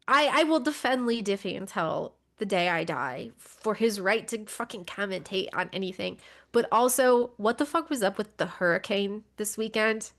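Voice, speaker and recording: Woman podcast co-host, mid pitch, casual and chatty. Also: animated, moderate pace, fairly bright tone. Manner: conversational, with frequent fillers and restarts. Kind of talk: casual chat.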